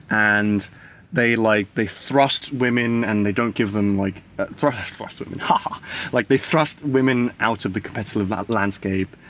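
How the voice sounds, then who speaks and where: A man in his thirties talking casually to camera, rambling with constant "like" and "right?" fillers and the odd swear word. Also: on the low side. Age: 30s. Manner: swears casually, laughs between thoughts. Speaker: vlogger.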